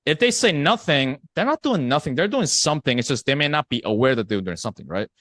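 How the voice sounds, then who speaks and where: Lively-voiced man coaching sales. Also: mid-range voice, fast, no echo, studio quality. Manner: conversational, acts out prospect replies, checks in with "right?". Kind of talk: live online sales training.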